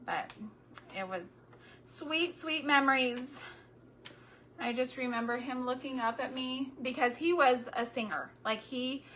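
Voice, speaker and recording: Slow, bright-voiced chatty woman vlogger. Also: a little high, slight background noise. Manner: chatty, tender, warmly sentimental asides; talks directly to viewers. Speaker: craft vlogger chatting with live viewers. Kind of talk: casual chat while crafting.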